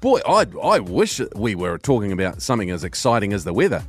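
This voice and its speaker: A man's voice: lowish voice, sing-song, fast, faint music behind. A man co-hosting a radio show, jokey and enthusiastic in casual banter. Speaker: radio host.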